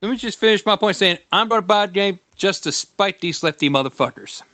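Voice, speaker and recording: A man on a podcast talking in a casual, excitable, mocking rant. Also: high voice, brisk, dry recording. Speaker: podcast regular. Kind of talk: casual chat.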